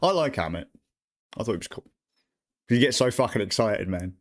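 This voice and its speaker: A British-accented gaming streamer jokes, swears a lot and makes crude remarks through casual gameplay commentary, with faint game music behind him. His voice is fairly low and expressive, and he talks a little fast.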